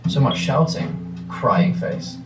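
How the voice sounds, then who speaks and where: A man's voice: mid-range voice, big pitch swings, slow pace, roomy sound, recorded from a distance, music in the background, low-quality recording. A man in his thirties with an English accent, answering questions in a rambling, reflective way with many restarts. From England. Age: 30s. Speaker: actor answering fan questions. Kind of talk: casual interview answers.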